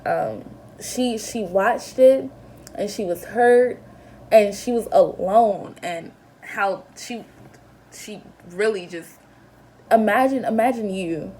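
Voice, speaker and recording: Earnest young woman with a mellow voice. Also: mid-range voice, a little hiss or hum. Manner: earnest, emotional retelling full of "like" and restarts. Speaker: vlogger. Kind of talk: casual storytelling to camera.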